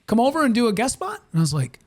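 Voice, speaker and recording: A man from Minnesota, a comedian and one-time radio host, telling stories in a podcast interview. His voice sits high for a man and he moves lively through each story, acting out what other people said. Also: rapid-fire. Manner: animated, acts out other people's lines in quoted voices.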